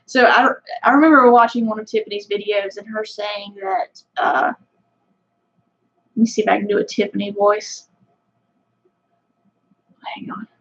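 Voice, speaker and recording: A woman's voice: medium pitch, fairly even intonation, moderate pace, lo-fi sound. A woman with a Southern US country accent hosting a casual livestream, chatting with viewers in a rambling way full of fillers. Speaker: fishing channel host.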